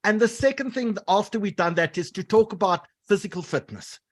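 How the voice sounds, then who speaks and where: Brief: male moderator, high voice, friendly, halting questions. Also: expressive. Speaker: host. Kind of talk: moderating a panel talk.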